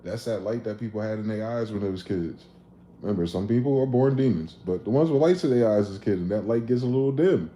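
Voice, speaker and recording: A man casually riffing on a livestream, profane and animated, acting out both sides of conversations. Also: lowish voice, fast. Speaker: livestream host. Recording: echoey room with faint ambient noise.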